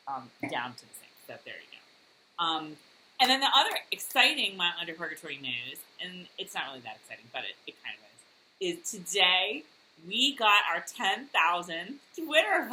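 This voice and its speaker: A woman with a fairly low-pitched, bright voice and a forceful tone co-hosts a podcast over a video call, chatting casually in a giggly, rambling way full of fillers. The low-quality recording has slight background noise.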